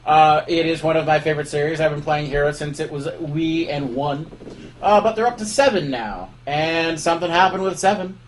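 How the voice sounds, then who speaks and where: Man co-host, a bit high-pitched, jokey and crude. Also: normal speed, slight background noise, low-quality recording. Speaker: podcast co-host. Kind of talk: casual chat.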